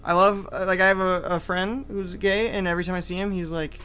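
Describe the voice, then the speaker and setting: Rambling streamer guy, slightly high voice. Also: fairly quick, bright, forceful tone, soft background music. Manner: rambling and loose, lots of "like" and trailing asides. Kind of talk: casual live-stream reaction, reading chat aloud.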